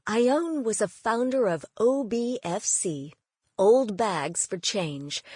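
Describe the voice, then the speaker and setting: Woman, audiobook narration, first person, wry, unhurried, close dry sound. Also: medium pitch, a little mellow, slightly rough, dry recording. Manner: wry, measured storytelling.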